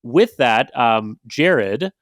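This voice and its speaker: A man's voice: medium pitch, lively intonation, extremely slow, no room sound, studio quality. A man hosting a podcast, talking casually with frequent fillers and restarts as he introduces the episode and guests. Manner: conversational, many fillers and restarts. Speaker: podcast host.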